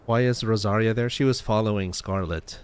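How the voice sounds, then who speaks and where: A man's voice: fairly low pitch, brisk, clear, resonant tone. A man casually commenting over gameplay as a streamer, thinking aloud and chuckling.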